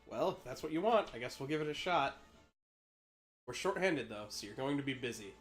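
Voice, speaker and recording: A man's voice: mid-range voice, lively intonation, a little fast, soft background music, lightly acted. A man voicing an earnest young mercenary leader in a slightly raised voice. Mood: reluctant.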